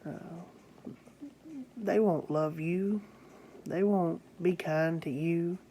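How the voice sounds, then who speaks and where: A cruel little boy boasts in a matter-of-fact way about what he will do with his birds. A slow-spoken preacher tells him in a sermon. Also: mid-range voice, steady tone, warm tone, a little hiss or hum. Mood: boastful.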